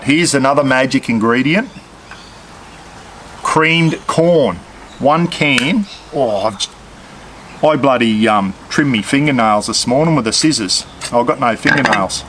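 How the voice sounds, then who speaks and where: An Australian man with a medium-pitched voice hosts a relaxed outdoor cooking demo, talking straight to his audience as he works. Background noise can be heard.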